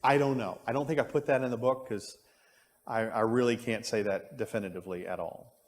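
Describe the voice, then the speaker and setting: A man's voice: mid-range voice, steady tone, fairly quick. A man teaching an adult Bible class, musing aloud and thinking through his points with frequent restarts. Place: church classroom. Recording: long reverb of a church room.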